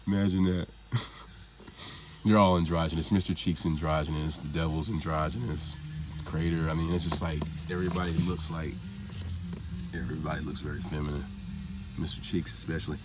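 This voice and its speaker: A man's voice: rumbling low, steady tone, moderate pace, long pauses, very noisy. A man talking in a casual monologue vlog, rambling and profane, laughing things off as he goes. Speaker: vlogger.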